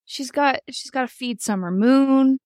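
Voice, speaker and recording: A woman's voice: sits high, a little slow, darkish tone, no room sound, clean studio sound. A woman hosting a podcast, chatting casually through a reality-show recap, swearing freely and acting out quotes. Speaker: podcast host.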